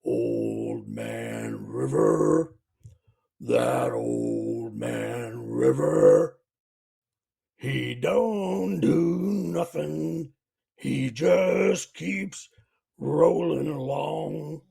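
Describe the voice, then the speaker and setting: A man voicing a male bullfrog that sings a slow, very deep tune in a joke. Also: very animated, vocal fry, mellow, husky, exaggerated voice. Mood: crooning. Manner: sings very slowly and deeply.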